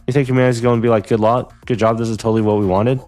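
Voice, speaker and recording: A man's voice: mid-range voice, level tone, rapid-fire, a little mellow, natural voice. A man voicing a hot-headed, foul-mouthed young student fighter, crude and combative, over faint music. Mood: angry.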